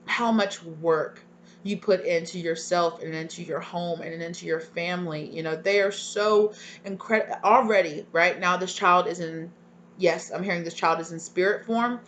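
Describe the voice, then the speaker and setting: A woman's voice: on the low side, slight background noise. A young woman giving a live tarot reading, emotional and gushing, with lots of fillers and a repeated "right?". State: tearful at times. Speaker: tarot reader.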